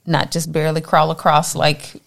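A woman teaching a morning Bible study with lively, animated energy. Her voice sits very low with a gravelly rasp, and she throws herself into the quotes she acts out. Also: normal speed.

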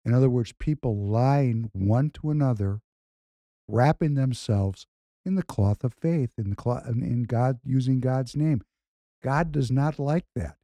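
A man's voice: mid-range voice, dark tone, dry recording. A man co-hosting a podcast, talking earnestly and emphatically, often repeating a point. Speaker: podcast co-host. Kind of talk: casual podcast talk.

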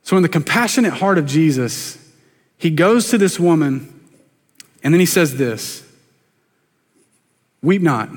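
A man's voice: on the high side, expressive, a little slow, long pauses. A man, a pastor preaching a sermon in a conversational, self-deprecating way, often turning to ask the congregation questions. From South Carolina, US. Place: church sanctuary. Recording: long church reverb.

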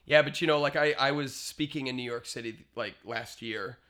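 Male podcast guest, young adult, animated storyteller with a bright, forward tone. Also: medium pitch, moderate pace. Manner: animated storyteller, trails off mid-sentence. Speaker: guest, speaker and educator. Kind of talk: casual podcast chat.

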